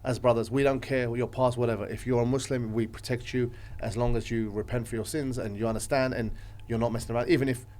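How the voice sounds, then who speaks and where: A man appears as a guest on a podcast, rambling through his stories with animated energy in a casual chat. His middle-pitched voice moves quickly with few pauses, jumping from loud bursts to quieter stretches.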